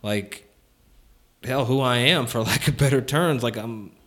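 A man's voice: medium pitch, unhurried, a bit bright. A man hosting a casual chat, telling a personal story candidly with lots of "like" fillers and frequent chuckles.

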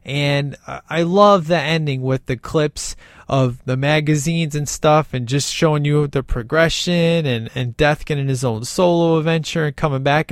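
A man's voice: medium pitch, no echo, studio quality. A man giving a casual, rambling film review, enthusiastic and full of fillers.

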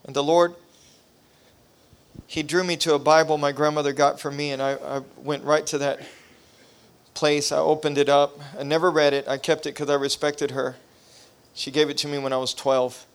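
Male pastor, revival preacher; smooth voice, impassioned delivery that climbs in intensity. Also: on the high side, flat delivery, normal speed, long pauses. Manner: impassioned, rising to near shouting; preacherly cadence with repetition. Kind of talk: revival sermon testimony.

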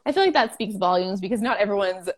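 A woman's voice: medium pitch, animated, fast. Young woman business owner, casual and giggly, interview guest. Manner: chatty, laughing, many "like" fillers. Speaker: food truck owner.

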